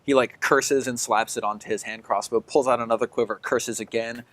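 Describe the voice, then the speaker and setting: A man's voice: medium pitch, fairly even intonation, a little fast, a bit bright, dry recording. A man running a tabletop game as game master, describing the scene in a loose way full of fillers like "like" and "uh".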